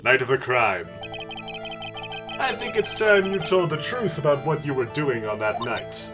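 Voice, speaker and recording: A woman voicing a confident male defense lawyer in a deliberately deep, theatrical deduction voice, over game music. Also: animated. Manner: low put-on "deduction voice", theatrical.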